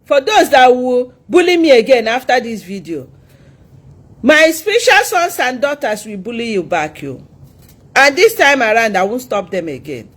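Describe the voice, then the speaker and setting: A woman with a Nigerian accent, hosting a live religious stream, talking in an animated, scolding, preacher-like way. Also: on the high side, normal speed. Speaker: religious livestreamer. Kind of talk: live social media talk.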